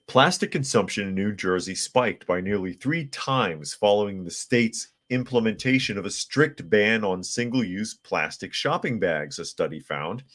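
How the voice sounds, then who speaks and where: A man hosting a live podcast, reading viewer comments and news articles aloud with blunt opinions and frequent restarts. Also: on the low side. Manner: frequent restarts and filler words. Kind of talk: casual live-stream commentary.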